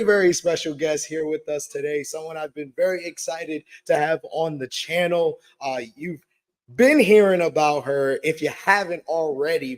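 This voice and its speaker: A man hosting a wrestling podcast in casual chat, his voice hoarse and tired, often repeating words. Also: on the high side. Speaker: podcast host.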